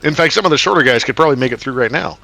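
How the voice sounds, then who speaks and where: A man's voice: mid-range voice, animated, racing, creaky, sharp tone, soft background music. A man playing a tabletop game, easygoing and amused. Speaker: player. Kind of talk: casual tabletop play.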